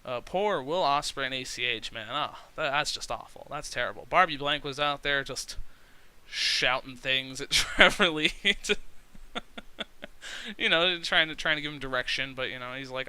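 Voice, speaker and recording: A man's voice: medium pitch, moderate pace, bright, forceful tone, clear, resonant tone. A man giving casual, rambling commentary on a wrestling management game, chatty and full of fillers. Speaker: let's play commentator.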